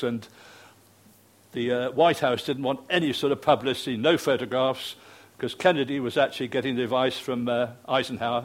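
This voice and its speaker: An older British man, a retired television producer, telling anecdotes to an audience with frequent fillers and restarts. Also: medium pitch. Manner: chatty storyteller, hesitant fillers and restarts.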